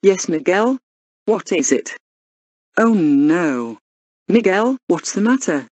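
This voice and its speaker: A woman's voice: fairly low pitch, sing-song, slow, a little mellow, no echo, full character voice. A synthetic female voice playing a protective, caring girlfriend in a cartoon who scolds bullies and comforts her partner. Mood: scolding.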